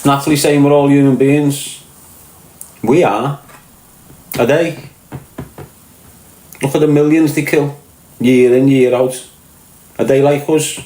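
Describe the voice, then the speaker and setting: A man's voice: medium pitch, fairly even intonation, slow pace, long pauses, mellow, a little hiss or hum. Scouse guy going off on a sweary rant, keeps saying mate, bit of room echo. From Liverpool, England. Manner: blunt, profane, repeats points with "mate". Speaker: podcast guest. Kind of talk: ranting conversational monologue.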